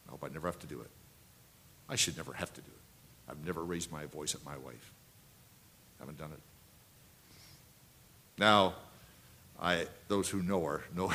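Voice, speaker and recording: With a low-pitched voice, a man near seventy preaches, telling anecdotes and returning to key phrases again and again, his volume swinging from loud to hushed.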